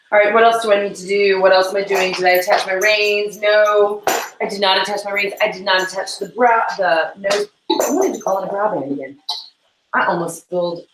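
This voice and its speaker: A medium-pitched woman with a steady tone co-hosts a casual livestream, chatting over her tack cleaning. She giggles and rambles, slipping in quick asides. There's an echoey room and a noisy background.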